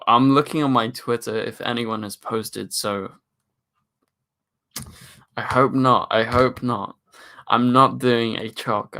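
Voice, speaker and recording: A man with a British accent and a deep voice, hosting a live stream in a casual, chatty way and answering viewer questions into a microphone. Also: creaky, pushed and bright. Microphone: studio microphone.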